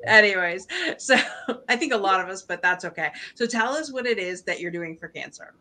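A woman's voice: medium pitch, sharp tone. A woman hosting a podcast interview, affirming and encouraging her guest. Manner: affirming, encouraging, quick to agree. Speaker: podcast host.

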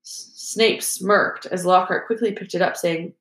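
A woman narrating an audiobook in a steady storytelling manner. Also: fairly low pitch, unhurried. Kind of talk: audiobook reading. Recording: roomy echo.

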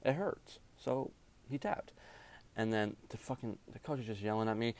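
A man's voice: fairly low pitch, normal speed, a little mellow. A young man, a jiu-jitsu referee, ranting in a casual, rambling way, full of swearing and slang. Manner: profane, rambling, heavy slang.

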